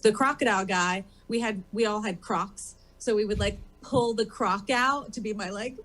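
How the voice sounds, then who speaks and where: A woman's voice: mid-range voice, normal speed, fairly bright tone. A woman guest on a talk show, chatting casually and rambling with lots of fillers. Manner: rambling, full of "like" and "um". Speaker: guest drag performer. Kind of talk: casual interview chat. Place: comedy theater stage.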